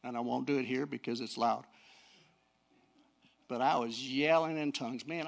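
A middle-aged male preacher giving a folksy sermon, swinging from low talk to fiery shouting. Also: steady tone, normal speed, vocal fry, long pauses. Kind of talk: sermon with personal story.

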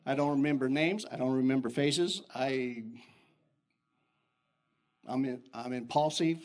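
An older man who is a pastor, giving an animated sermon full of personal stories that jump in pitch. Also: a little slow. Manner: animated storytelling with sudden pitch jumps and chuckles.

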